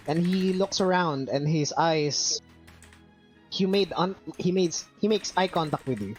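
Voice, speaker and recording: A game master narrating a tabletop fantasy game in an unhurried, descriptive way. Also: mid-range voice, soft background music, rough recording.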